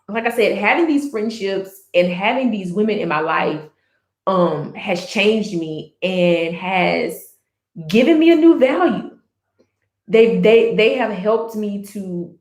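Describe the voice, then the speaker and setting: A woman's voice: medium pitch, roomy sound. A woman vlogging in a casual, earnest way about her personal life, rambling with restarts and fillers. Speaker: book chat vlogger.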